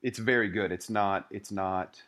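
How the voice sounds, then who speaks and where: A man co-hosts a casual book club podcast and speaks in a low voice. He is wry and thoughtful. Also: steady tone, unhurried, fairly bright tone.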